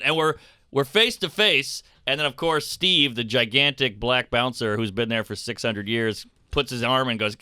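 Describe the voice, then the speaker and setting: A man's voice: medium pitch, normal speed, clean tone, no echo. A man, a comedian guest on a talk radio show, telling stories casually and acting out the people in them. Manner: animated, acts out people in his stories. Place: radio studio. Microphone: close studio mic.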